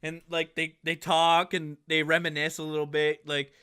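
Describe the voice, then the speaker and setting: A male game master narrating a tabletop game, casual and rambling with lots of fillers. His voice is bright and slightly raised. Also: fairly high pitch, monotone, normal speed, clean tone.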